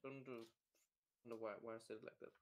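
A man's voice: medium pitch, flat delivery, quick pace. A man joining a casual game let's play, joking and stammering, often repeating words. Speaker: guest co-player.

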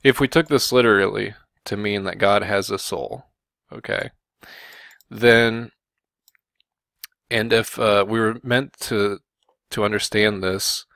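A man giving combative Bible commentary, often pausing on "okay" and "you know" to press his point. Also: lowish voice, steady tone, vocal fry, a bit bright, smooth, no room sound. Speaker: religious video commentator.

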